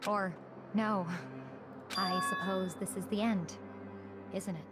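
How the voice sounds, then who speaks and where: A woman with a Canadian accent voicing a composed young female gambler in a video game, calm and polite. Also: medium pitch, slow, over music, natural voice. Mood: cool resigned. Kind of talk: game voice acting.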